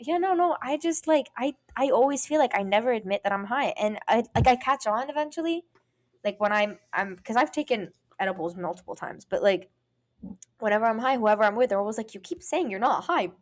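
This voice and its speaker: A woman's voice: fairly high pitch, brisk. A woman co-hosting a podcast, telling stories in casual chat, acting out what others said and swearing freely. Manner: animated storytelling, acting out other people's lines, frequent swearing. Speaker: podcast co-host.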